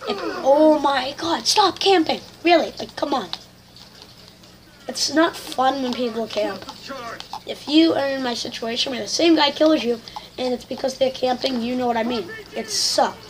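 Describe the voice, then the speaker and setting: A woman giving excitable, complaining live commentary over a shooter game she is playing, full of slang. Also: high voice, moderate pace, a little hiss or hum. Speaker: gamer.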